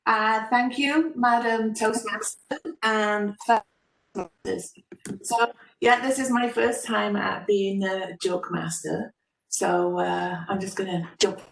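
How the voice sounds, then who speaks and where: A woman's voice: medium pitch, fairly even intonation, slow, vocal fry, slight background noise. Woman telling a joke over a video call. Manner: chatty, hesitant with fillers. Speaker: club member telling a joke. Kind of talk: storytelling a joke at a club meeting. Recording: roomy, distant from the mic.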